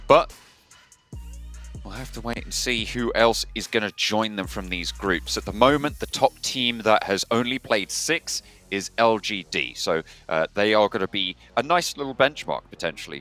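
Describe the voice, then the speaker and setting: Low, bright-toned esports caster. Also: male voice, animated, moderate pace, soft background music. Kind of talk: play-by-play commentary.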